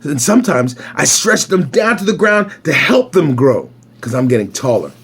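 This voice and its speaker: A man's voice: on the high side, very animated, moderate pace, fairly bright tone, husky. A man with a Caribbean accent reading his own children's picture book aloud, playful and breaking off to comment on the pictures.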